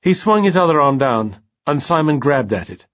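A man reading story narration aloud in an expressive scripted delivery, on slightly muffled audio. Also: on the high side, normal speed.

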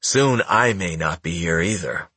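Male reader voicing a grave young crime-clan boss, low and husky, audiobook. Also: animated, moderate pace, fairly bright tone, no room sound. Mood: grave, stern. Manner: firm, somber.

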